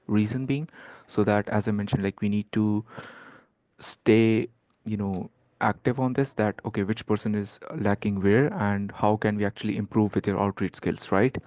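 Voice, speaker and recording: A man's voice: on the low side, darkish tone, dry recording. A man coaching a group on a call, loose and filler-heavy, checking in with "okay" and "right". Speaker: outreach coach.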